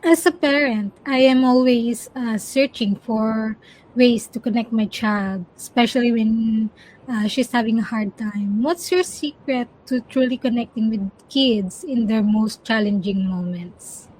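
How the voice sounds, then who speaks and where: A woman hosting a podcast, asking measured interview questions with brief fillers. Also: on the high side, a little mellow, a little hiss or hum, poor audio. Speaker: podcast host.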